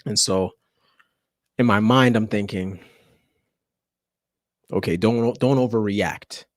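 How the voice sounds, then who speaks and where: A man's voice: lowish voice, slow, no room sound, clean studio sound. A man, a teacher, telling a story in casual chat, laughing often and acting out the people in it.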